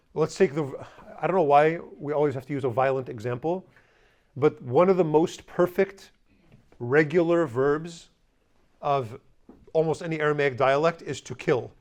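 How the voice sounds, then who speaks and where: A man teaching a language class, explaining grammar in a conversational way and slowly repeating example words. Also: a little high. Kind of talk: classroom lesson.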